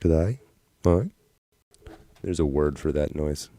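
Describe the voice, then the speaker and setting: Deep-voiced, profane livestream host. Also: male voice, unhurried, mellow, no room sound, clean studio sound. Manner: rambling, profane, self-deprecating. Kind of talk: casual livestream chat.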